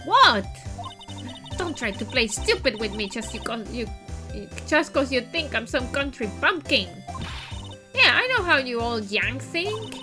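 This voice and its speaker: A woman putting on a feisty Southern gal with a loud drawl. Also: high voice, sing-song, a little slow. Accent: exaggerated Southern US drawl, put on. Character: brash young Southern woman photographer. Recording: game music behind.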